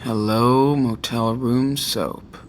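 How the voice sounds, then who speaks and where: A man's voice: medium pitch, steady tone, slow pace, a little hiss or hum, close to an everyday voice. An actor playing a worn-out teenage boy looking after his little brother, in a muttered, tired inner monologue for a video game. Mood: weary.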